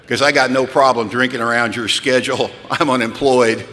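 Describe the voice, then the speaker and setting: A man from California telling his recovery story at a retreat, candid and wry, sinking low and quiet, then rising to pleading intensity. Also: fairly even intonation, normal speed. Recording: long hall reverb.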